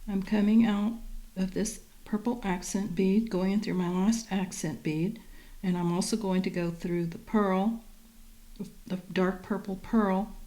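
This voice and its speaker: A woman calmly guiding viewers step by step through a beading tutorial, describing each move as she works. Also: mid-range voice, unhurried. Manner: calm, methodical, talks while working. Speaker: beading instructor.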